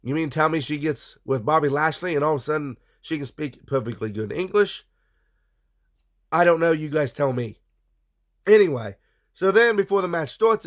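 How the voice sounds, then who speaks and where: A man hosting a casual wrestling recap, giving blunt opinions and talking straight to his viewers. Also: a little high. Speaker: wrestling show recap host.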